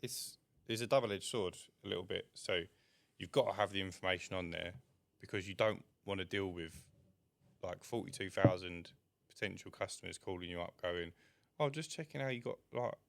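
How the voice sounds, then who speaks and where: A man speaks in a very deep, gravelly voice. He chats bluntly on a podcast and swears casually as he talks business. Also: steady tone, moderate pace, a bit bright. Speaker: podcast co-host, window cleaner. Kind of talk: casual chat.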